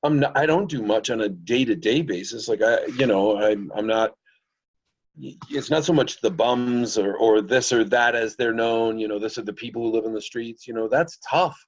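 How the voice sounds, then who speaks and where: A man's voice: medium pitch, normal speed. A man speaking as a guest in casual podcast chat, reflective and opinionated, heard over dull call audio.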